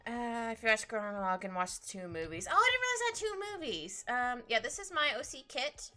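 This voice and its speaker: Lively, bright-voiced woman streamer. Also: on the high side, fairly quick. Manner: rambling, excitable, laughs often. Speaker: art streamer. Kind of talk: casual chat while drawing live. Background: faint background music.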